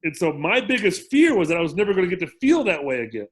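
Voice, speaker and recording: A man guest telling his recovery story in a casual interview, animated and acting out quotes, often restarting his sentences. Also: high-pitched, fast. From lived in Mexico for ten years. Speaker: podcast guest, sober living director.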